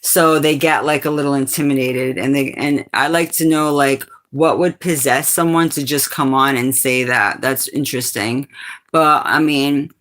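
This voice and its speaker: A woman from New England with a low, sultry voice chats casually on a livestream. She is sassy and answers her chat's comments directly. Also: fairly even intonation, normal speed, a bit bright. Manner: sassy, talks back to chat comments. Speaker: livestream host.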